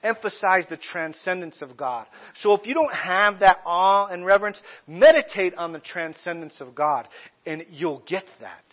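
High-voiced pastor preaching emphatically. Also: male voice, highs cut off. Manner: emphatic preaching with slow stressed phrases. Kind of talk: sermon.

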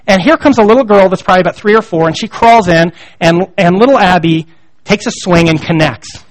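Pastor guy in his 30s telling a family story mid-sermon, chatty and joking at himself, voice a bit on the high side. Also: a little fast. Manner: conversational and self-deprecating, with frequent restarts.

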